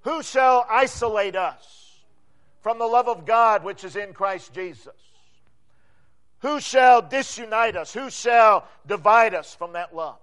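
A pastor delivers his sermon in an unusually high voice, speaking slowly and deliberately. He returns again and again to his refrains, swelling on some words and dropping away on others. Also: fairly bright tone, smooth. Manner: emphatic preaching with repeated refrains and rising and falling cadence.

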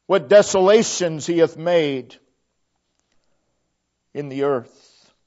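Unhurried and emphatic, a preacher leans on important words and then lets his phrases trail off softly. His voice runs slightly high for a man, and the audio is dull and lo-fi.

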